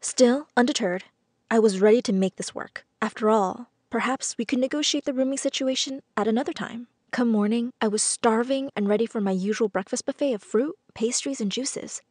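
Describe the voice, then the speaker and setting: A woman reading a scripted first-person story as narrator, in a measured, earnest storytelling manner. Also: fairly high pitch, darkish tone, no room sound, clean studio sound.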